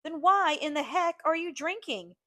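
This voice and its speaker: A woman's voice: high-pitched, lively intonation, normal speed, sharp tone, voice pushed up. A woman voicing a blunt middle-aged Southern housemaid, firm and plainspoken. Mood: firm reassurance.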